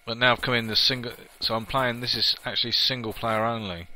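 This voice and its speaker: Chatty man with a sharp, bright voice. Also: medium pitch, steady tone, brisk, rough recording. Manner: chatty and opinionated, with frequent laughs and playful asides. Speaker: let's play gamer. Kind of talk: casual gameplay commentary.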